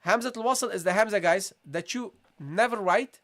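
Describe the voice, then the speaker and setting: A man teaching a live online recitation lesson, patiently repeating questions to viewers and modelling sounds slowly. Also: high voice, fairly bright tone.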